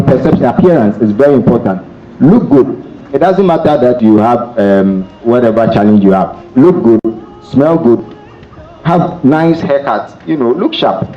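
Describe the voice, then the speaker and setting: Man giving a motivational talk in a hall. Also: medium pitch. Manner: emphatic, repeats key phrases, pauses with um. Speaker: special guest speaker. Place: seminar hall. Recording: dull echoey hall, faint noise.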